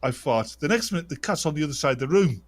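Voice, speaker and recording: A man, telling a casual anecdote in a halting way, repeating words and pausing on uhs. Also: fairly high pitch, lively intonation. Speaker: podcast co-host.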